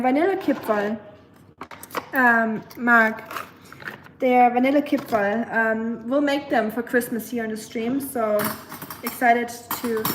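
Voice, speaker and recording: A woman's voice: sits high, slight background noise. A young woman with a German accent, a native German speaker, chatting casually with her livestream viewers while she cooks, answering them and searching for words. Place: home kitchen. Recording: echoey kitchen with clattering dishes.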